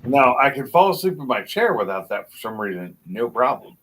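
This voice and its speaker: A man's voice: medium pitch, big pitch swings, brisk, fairly bright tone, a little hiss or hum, low-quality recording. A man hosting a casual live chat with friends, talking in a laid-back, drawling way. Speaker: host.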